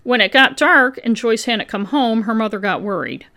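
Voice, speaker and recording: A woman's voice: fairly high pitch, lively intonation, normal speed, pushed and bright. A woman hosting a podcast, reading her own true-crime script with casual asides to her co-host. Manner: reads a researched script with asides.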